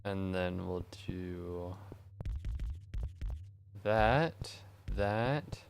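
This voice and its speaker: A man's voice: low-pitched, drawn-out words, gravelly, faint music behind. A tired young man streaming while he plays a game, chatting casually in a rambling, self-mocking way and swearing freely. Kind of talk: casual chat while gaming.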